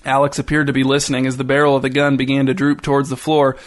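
A man narrating a short story in an even, dry reading style. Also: medium pitch, fast talker.

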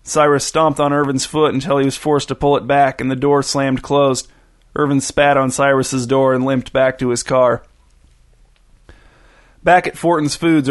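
A man narrating a story in a steady, even way. His voice sits at an ordinary middle pitch for a man, plain and unhurried.

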